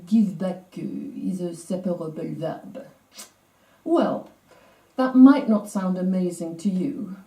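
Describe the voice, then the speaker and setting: A middle-aged woman giving a scripted presentation on language training, in a clear, measured, explanatory way. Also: medium pitch, warm tone. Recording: roomy echo, distant mic.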